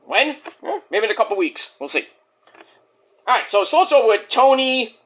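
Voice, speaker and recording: Lively, bright-voiced man ranting. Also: extremely high pitch, moderate pace. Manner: profane, ranting, acts out quotes. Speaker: wrestling show reviewer. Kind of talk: casual review vlog.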